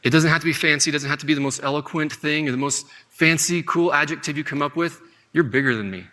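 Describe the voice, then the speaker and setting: Male Bible teacher, bright forceful tone, long hall reverb, conversational delivery. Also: fairly high pitch, quick pace. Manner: conversational, often asks "right?". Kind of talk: classroom Bible lesson.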